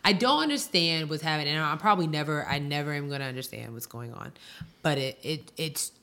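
A woman co-hosting a casual podcast, her voice sitting a bit low. She talks in an exasperated, emphatic way, circling back to the same words. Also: fairly quick, fairly bright tone. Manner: exasperated, emphatic, repeats herself. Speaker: podcast co-host. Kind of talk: casual chat.

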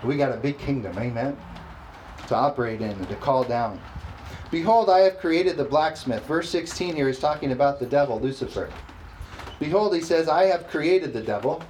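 A man preaching a sermon, reading scripture slowly and emphatically and calling for responses from the congregation. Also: mid-range voice, darkish tone, a little hiss or hum, rough recording. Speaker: pastor.

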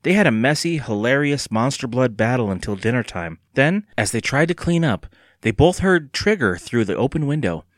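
A man reading a children's spooky storybook aloud, expressive. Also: mid-range voice, normal speed, no room sound, studio quality. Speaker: audiobook narrator. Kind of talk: scripted narration.

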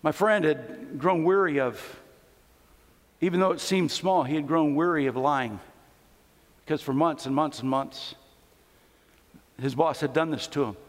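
High-voiced man preaching in a reverberant church. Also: a little slow, pauses often. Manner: conversational storytelling preaching. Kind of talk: sermon. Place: church sanctuary. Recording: long church hall reverb.

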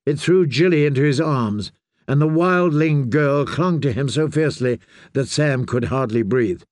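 A man reading a fantasy audiobook in a measured, steady storytelling manner. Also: mid-range voice, dry recording, clean studio sound. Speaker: audiobook reader.

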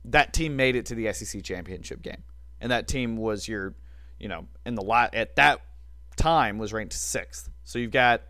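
A man's voice: medium pitch, fairly bright tone, no room sound, studio quality. A man co-hosting a casual sports talk show, giving opinionated takes with wry, self-mocking asides.

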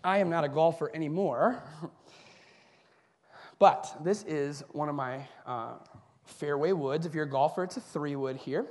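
A man preaching a sermon as a pastor, swinging between raised, emphatic bursts and soft, low passages, with a chuckle at his own asides. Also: measured pace, pauses often.

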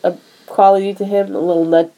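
A woman's voice: medium pitch, flat delivery, fast talker, dark tone, rough recording. A woman co-hosting a podcast, casually retelling a film's plot scene by scene. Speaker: podcast co-host. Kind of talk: casual movie recap chat.

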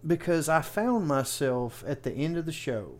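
A man's voice: fairly high pitch, sing-song, normal speed, darkish tone. A man co-hosting a podcast in casual chat, rambling and self-deprecating as he talks. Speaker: podcast co-host.

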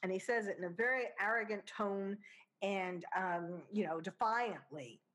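A woman's voice: mid-range voice, a little slow, a bit bright. A woman with a New York accent giving an unscripted spoken commentary, talking casually with many fillers and small laughs. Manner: chatty, with frequent fillers and laughs. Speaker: commentator discussing a criminal case. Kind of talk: unscripted monologue.

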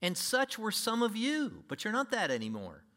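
A man preaching to his congregation in a bright, somewhat high voice. He is emphatic and swings between loud and quiet, pressing his points home. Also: huge pitch swings, normal speed. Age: older. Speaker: pastor. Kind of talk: sermon.

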